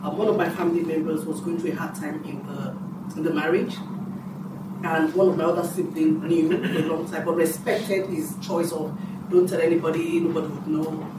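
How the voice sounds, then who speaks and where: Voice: medium pitch, moderate pace. Someone in the class asking a question, far from the mic, echoey room, noisy. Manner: storytelling, animated when quoting others. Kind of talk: personal question in a group. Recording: roomy, distant from mic, noisy.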